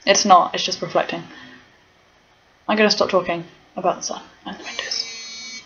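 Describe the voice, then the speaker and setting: Young woman, hyper, rambling, bright voice, dull lo-fi home video. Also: medium pitch, steady tone, moderate pace. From England. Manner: hyper, rambling, self-mocking. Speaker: vlogger. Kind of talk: casual chat to camera. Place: home room.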